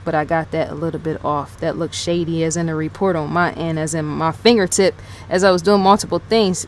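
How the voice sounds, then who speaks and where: A woman with a deep voice hosts a channel, offering casual, unscripted commentary at a fairly quick pace with fairly even intonation. She rambles, reads her notes back aloud, repeats herself, and leans heavily on fillers like "yes," "right?" and "in fact," with slight background noise present.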